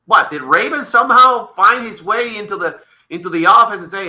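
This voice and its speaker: Host, male, high and very bright voice, profane heated rants. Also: lively intonation, brisk. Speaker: podcast host. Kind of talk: wrestling talk show.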